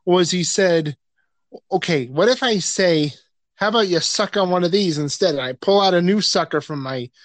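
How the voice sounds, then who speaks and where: A man hosting a relaxed chat, walking through a film shoot and quoting what others said. He laughs as he goes. The sound is close and dry. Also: high voice, no room sound. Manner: retelling events with quoted voices, laughing. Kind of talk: casual chat.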